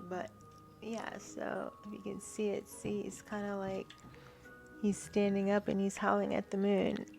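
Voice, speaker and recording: Slow, gravelly-voiced woman tarot reader. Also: medium pitch, a little mellow. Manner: halting, repeats herself, frequent "right?". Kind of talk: spiritual card reading to viewers.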